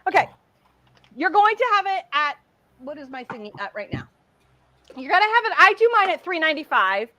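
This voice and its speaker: A middle-aged woman hosting a casual craft livestream, chatty and excitable as she demonstrates while talking. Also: sits high, fairly quick, pauses often, no echo, lo-fi sound.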